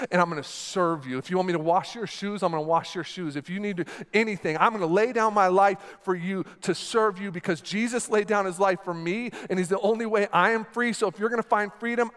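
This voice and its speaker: A man preaching a sermon in a church, talking in an animated, conversational way while he acts out a scene with a volunteer on stage. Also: sits high. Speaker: pastor. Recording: long hall reverb with faint music.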